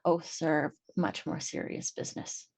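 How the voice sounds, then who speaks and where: A woman speaking in character at a tabletop game, slow and halting with many ums. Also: sits low, level tone, gravelly, a little mellow. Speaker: player.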